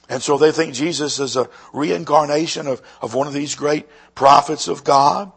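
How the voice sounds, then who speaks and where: A man preaching a sermon with a raspy voice, moving between quiet, slow emphasis and loud, lively passages. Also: a little high. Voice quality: husky. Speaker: pastor.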